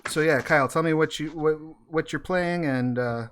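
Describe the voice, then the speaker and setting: A man's voice: a little high, fairly bright tone, slight background noise. A man running a tabletop character creation session as game master, talking over a video call and often stopping and restarting his sentences. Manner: halting, stops and restarts often.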